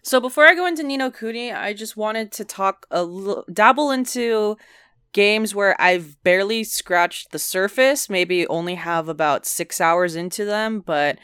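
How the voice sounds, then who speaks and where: Smooth-voiced young woman chatting games. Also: medium pitch, measured pace, a bit bright, dry recording, clean studio sound. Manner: easygoing, chatty, laughs along. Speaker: podcast co-host. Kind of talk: casual chat about video games.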